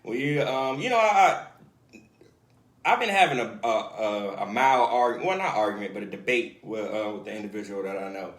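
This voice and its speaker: A man speaking as a guest on a casual talk show, animated and earnest, with frequent restarts and "you know". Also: on the low side, moderate pace. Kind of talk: casual chat. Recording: echoey room, faint noise.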